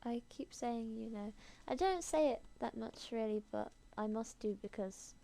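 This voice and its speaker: This video blogger from England leaves a rambling, giggly audio message via a built-in computer microphone, peppered with "like" and "you know." Her dark-toned voice is on the high side with vocal fry, and she takes her time.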